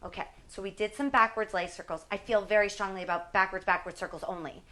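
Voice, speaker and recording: A fitness instructor in her forties talks fast in a bright, forceful, medium-pitched voice with a steady tone. She keeps up a chatty, self-deprecating patter while showing the exercises, at times strained by the effort.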